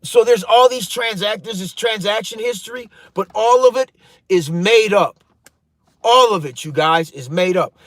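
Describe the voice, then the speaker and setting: Addressing his audience as "you guys," a man in his thirties rambles through a heated, profanity-laced story for his vlog. His voice is high and a bit bright, at a moderate pace, with no echo on the recording.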